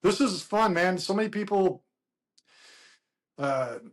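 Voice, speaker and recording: Casting: middle-aged man, bar-talk guest, high voice, rambling storyteller. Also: slow. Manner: rambling, laughing, quotes others in animated voices. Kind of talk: casual storytelling chat.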